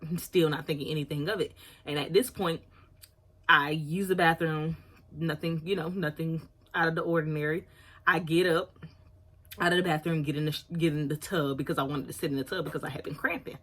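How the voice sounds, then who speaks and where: Woman, about 30, low husky voice, candid and chatty vlog storyteller. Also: steady tone, fairly quick, fairly bright tone. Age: around 30. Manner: candid, chatty, apologizes for oversharing. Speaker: vlogger.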